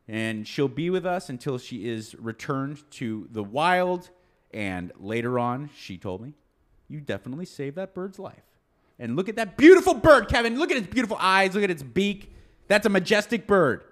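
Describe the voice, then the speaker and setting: An animated man telling a story in casual chat, his voice sitting a little high and swinging widely in pitch. He acts out the people he quotes. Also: moderate pace. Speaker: podcast co-host telling a story.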